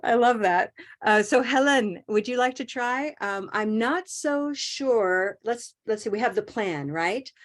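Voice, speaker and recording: A woman teaching an English pronunciation class over a video call, modeling phrases slowly and praising her students. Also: a little high, animated. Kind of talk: online class coaching.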